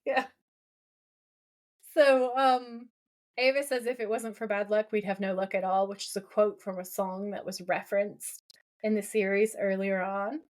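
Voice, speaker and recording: A woman's voice: mid-range voice, steady tone, a little slow. A woman co-hosting a podcast, chatting casually as she recaps a TV episode and reads out lines from it. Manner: retells scenes by reading out lines, with many fillers. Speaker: podcast co-host.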